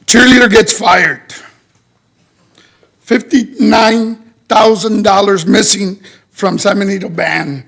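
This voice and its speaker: A man's voice: sits high, steady tone, slow, creaky, long pauses, a bit bright. A man speaking in public comment at a school board meeting, listing complaints in short clipped statements.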